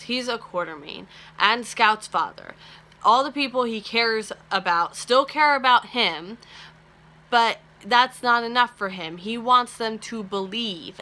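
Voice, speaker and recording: A young woman talks through a soap opera episode in a casual vlog. Her voice is bright and forward, and she rambles in an animated way, tossing in "like" and quick asides as she goes. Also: mid-range voice. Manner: animated, chatty, peppered with "like". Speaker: soap opera recap vlogger. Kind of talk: casual chat.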